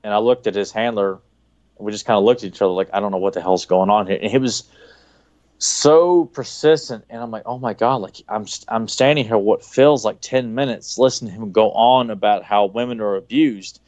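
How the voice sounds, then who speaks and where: A man's voice: fairly low pitch, steady tone, brisk, darkish tone, no echo, dull audio. A man on a podcast telling a long, rambling anecdote in casual chat, with frequent restarts. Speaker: podcast co-host.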